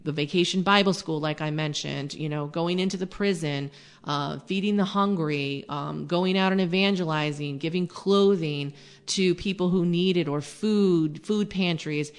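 A woman's voice: lowish voice, normal speed, clean tone. A woman hosting a faith podcast, teaching in an earnest, conversational way with many fillers. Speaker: podcast host.

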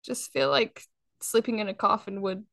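A woman hosting a casual podcast chat, playful and animated, often laughing. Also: medium pitch, moderate pace, vocal fry, dry recording, studio quality. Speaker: podcast host.

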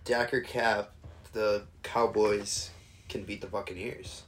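A young man co-hosting a podcast, chatting casually about sports in a halting, rambling way with frequent restarts. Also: lowish voice, level tone, a bit bright, a little hiss or hum. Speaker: podcast co-host.

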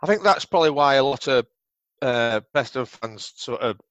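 A man's voice: mid-range voice, expressive, moderate pace, a bit bright, no echo. A middle-aged man with a Yorkshire accent telling rambling, sweary football stories in a casual interview. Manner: swears freely, rambling anecdotes. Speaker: podcast guest, former footballer.

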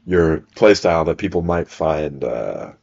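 A man's voice: extremely low pitch, lively intonation, measured pace, creaky, darkish tone, breathy edge, highs cut off. A young man chatting casually as podcast co-host, joking and telling stories with many restarts. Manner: joking, storytelling, rambling with restarts. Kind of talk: casual chat.

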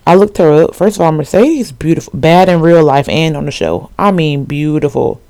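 A woman's voice: deep voice, animated, moderate pace, creaky, warm tone, dry recording. Chatty young woman rambling casually. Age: 20s. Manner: rambling, slangy, full of asides and fillers. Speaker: podcast host. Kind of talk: casual solo chat.

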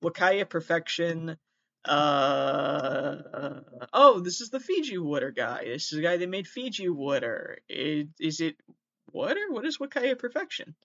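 A man's voice: on the high side, sing-song, unhurried, vocal fry, pushed and bright, no room sound. A man hosting a podcast in a casual comedic monologue, rambling, joking at his own expense and stumbling over names. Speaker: podcast host. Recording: dull lo-fi dry sound.

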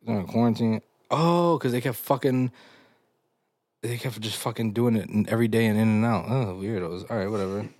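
A man's voice: on the low side, a little fast, darkish tone, no echo. A young man hosting a casual comedy podcast, reading listener stories aloud and reacting with crude slang and frequent laughter.

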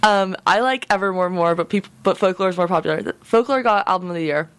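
A woman's voice: fairly low pitch, fast, clear, resonant tone, no echo. A young woman guest on a student radio podcast, chatting eagerly and laughing easily. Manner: enthusiastic, chatty, laughs often. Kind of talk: casual chat.

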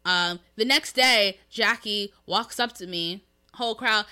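Her mid-range voice is smooth but sharp in tone, and she speaks a little slowly. Co-hosting a podcast, the young woman chats casually, giggling through a story and performing the quoted lines.

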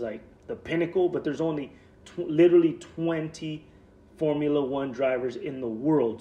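A man's voice: medium pitch, darkish tone. A man in his thirties chatting casually as a podcast host, loose and rambling, swearing a lot and saying "like" often. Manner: loose, profane and rambling, with many "like" fillers. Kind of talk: casual chat.

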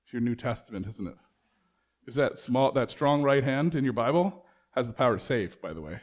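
In a mid-range, lively voice that runs a little fast, this pastor preaches conversationally. He throws rhetorical questions at his congregation and plays out bits of dialogue.

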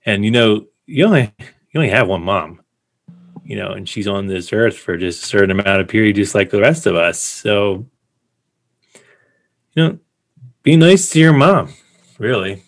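A man's voice: fairly low pitch, expressive, moderate pace, long pauses. A man in his forties co-hosting a podcast, responding in a supportive, encouraging way. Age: 40s. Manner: supportive, brief affirmations. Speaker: podcast co-host. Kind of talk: casual podcast chat.

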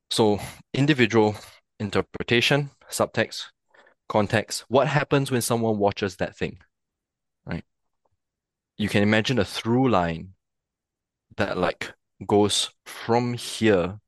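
Low-voiced man thinking aloud. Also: slow pace, pauses often, no room sound. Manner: thinks aloud, frequent checking "right?". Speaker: podcast guest, theatre practitioner. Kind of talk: reflective conversational explanation.

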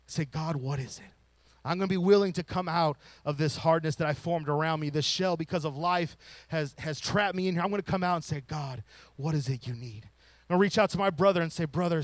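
A man preaching a sermon, rising to loud emphatic lines and falling to soft hushed ones. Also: a little high, dry recording. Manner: drops to a whisper to show a still small voice.

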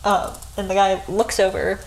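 A woman's voice: medium pitch, little pitch movement, normal speed, vocal fry, a little hiss or hum, low-quality recording. A woman retelling a story in a casual, chatty way, often breaking into giggles. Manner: giggly, chatty, frequent laughs.

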